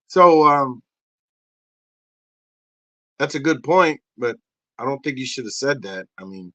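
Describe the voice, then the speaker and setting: A man hosting a comedy podcast who drops into low, mumbled asides between bits. His tone stays bright and his pitch moves around a lot. He talks in loose, joking banter. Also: expressive, takes it slowly, long pauses, no echo. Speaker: podcast host.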